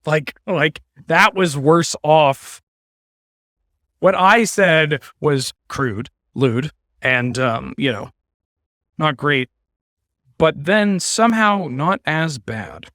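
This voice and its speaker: A man's voice: a little high, extremely slow, a bit bright, no echo, clean studio sound. A man streaming a card game, giving casual commentary with wry, sarcastic asides.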